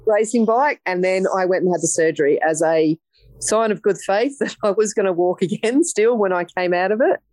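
A woman's voice: medium pitch, normal speed, a little mellow, no echo, low-quality recording. Blunt Australian woman telling her story. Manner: blunt, frank, swears freely. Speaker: police detective sergeant, podcast guest. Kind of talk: candid interview storytelling.

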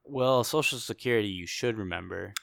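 A man's voice: lowish voice, brisk, creaky, a bit bright, dry recording, clean studio sound. A young man co-hosting a podcast, chatting casually in a rambling, jokey way and laughing often. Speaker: podcast co-host. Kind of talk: casual chat.

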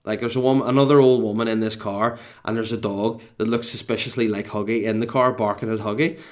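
Middle-aged man, North Down accent; animated, self-mocking comic storyteller with a salty mouth. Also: lowish voice, quick pace. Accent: Northern Irish, North Down. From Northern Ireland. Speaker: podcast co-host.

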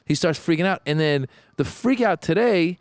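Animated man telling stories. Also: fairly high pitch, moderate pace, dry recording. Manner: animated storyteller, acts out quotes. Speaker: podcast co-host. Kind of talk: casual chat.

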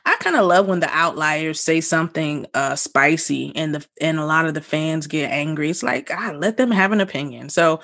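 This is a chatty podcast co-host in casual talk. The delivery is animated and full of fillers, with pitch leaping up at lively moments. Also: normal speed, vocal fry, few pauses.

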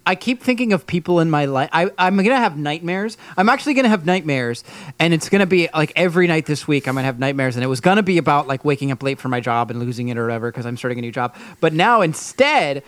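A man on a casual comedy podcast with a slightly high voice. He rants in wry, exasperated bursts, and his voice sounds close and dry. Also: expressive, fast talker, fairly bright tone, clear, resonant tone, dry recording. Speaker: podcast co-host.

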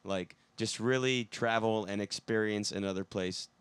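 A man's voice: on the low side, moderate pace, background noise. A man chatting casually, rambling and swearing freely while he tells stories. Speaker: band member, songwriter. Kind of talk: casual podcast chat.

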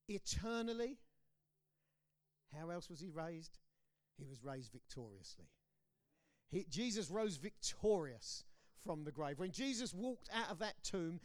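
A man with a British accent preaching a sermon, swinging between loud declarations and hushed, low lines. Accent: British English. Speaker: pastor. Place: church hall.

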